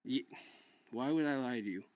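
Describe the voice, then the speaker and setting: A man hosting a comic cooking show in a mid-pitched voice, rambling and tripping over his words. He swears freely and turns drunkenly quarrelsome. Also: moderate pace. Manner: rambling, stammering, drunkenly argumentative; heavy swearing. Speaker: comedy cooking show host. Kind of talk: comedy sketch monologue.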